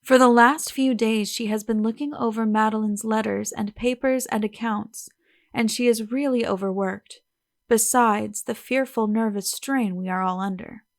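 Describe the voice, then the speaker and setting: A woman's voice: a little high, steady tone, moderate pace, dry recording, clean studio sound, close to an everyday voice. Audiobook figure: flustered older lady of the house, read by a woman.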